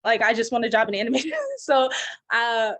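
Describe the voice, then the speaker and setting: A young woman, a program graduate, chatting on a video call, rushing ahead when excited. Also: fairly high pitch, no room sound. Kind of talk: casual video-call conversation.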